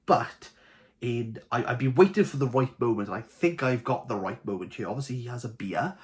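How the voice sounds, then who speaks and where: A man's voice: medium pitch, fairly quick. A young man with a Welsh Valleys accent, chatting casually and jokily to camera as host of a book channel. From Wales. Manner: chatty, jokey, animated.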